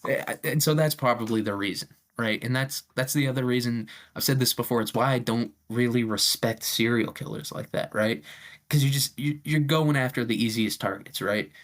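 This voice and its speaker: A man at mid pitch in a casual comic monologue. He rambles and swears, with steady filler words and an offhand, crude delivery. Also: normal speed. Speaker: comedy podcast host. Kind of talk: casual comedic rant.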